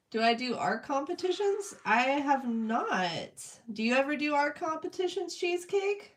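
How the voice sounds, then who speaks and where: A young woman chatting casually with her live-stream chat while she draws, greeting viewers and reading their comments. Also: high voice. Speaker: streamer drawing requests.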